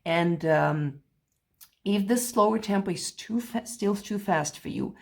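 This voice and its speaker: A woman's voice: mid-range voice, a little slow, creaky, a little mellow. A woman teaching a play-along piano lesson, patiently explaining phrasing and counting beats aloud, with light laughs now and then. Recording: piano heard faintly behind.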